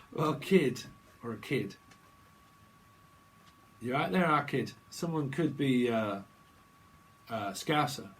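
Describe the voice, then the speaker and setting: A man's voice: medium pitch, expressive, slow, long pauses. A man giving a rambling, jokey tarot reading, free-associating and laughing often. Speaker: tarot reader. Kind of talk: rambling solo reading video.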